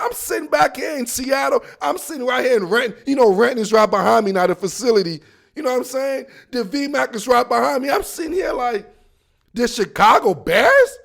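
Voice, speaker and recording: Loud mocking man with gravelly high voice. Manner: loud, rowdy, mocking, slangy. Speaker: sports podcast host. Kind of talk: animated sports rant. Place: near a team facility in the Seattle area.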